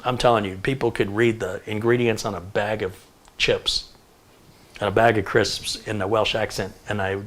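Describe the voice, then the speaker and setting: A middle-aged man hosts a tech livestream in an easy, chatty way. He reads through names and places and keeps breaking off for quick jokes. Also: on the low side, level tone, a bit bright. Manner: chatty, jokey asides while reading a list. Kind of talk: casual livestream chat, reading viewer locations.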